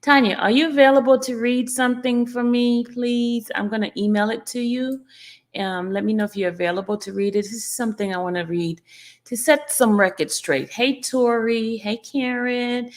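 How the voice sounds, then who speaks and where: This livestream host is a woman whose voice sits on the high side, with a steady tone and a moderate pace. Playful and casual, she welcomes each viewer by name and keeps laughing as she teases her audience.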